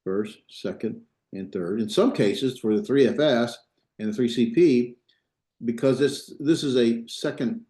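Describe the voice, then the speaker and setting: A Biblical Hebrew teacher lectures his class in a medium-pitched, dark voice, speaking a little slowly in an echoey room. His delivery is loose, full of restarts, and he keeps checking in with his students.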